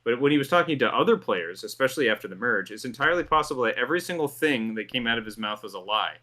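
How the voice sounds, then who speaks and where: A man's voice: medium pitch, animated, fast, sharp tone. A man hosting a commentary show, reading a script in an amused tone and laughing through his lines. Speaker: host.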